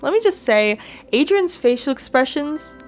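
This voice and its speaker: Woman fan-channel host, fairly high, chatty and giggly, casual commentary, faint music underneath. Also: big pitch swings, moderate pace. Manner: giggly, chatty, laughs often.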